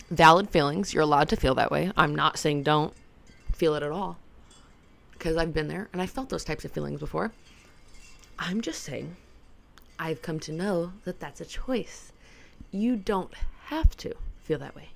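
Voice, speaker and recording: A woman with a low, gravelly voice and plenty of vocal fry chats loosely to her camera. She rambles playfully and leans on "like" as she works through her thoughts. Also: normal speed. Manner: rambling and playful, heavy use of "like". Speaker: vlogger. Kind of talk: casual self-help chat to camera.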